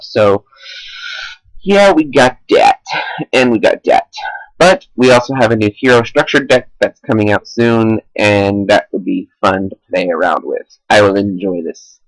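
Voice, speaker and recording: A man's voice: medium pitch, dry recording, poor audio. A man giving casual countdown commentary as a YouTuber, rambling in loose, slangy chatter. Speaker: YouTuber ranking card game decks.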